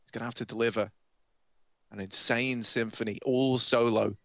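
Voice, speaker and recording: A man casting a competitive shooter match, playful and theatrical, building excitement on big plays. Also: mid-range voice, normal speed, no echo, studio quality. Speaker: esports caster. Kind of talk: play-by-play commentary.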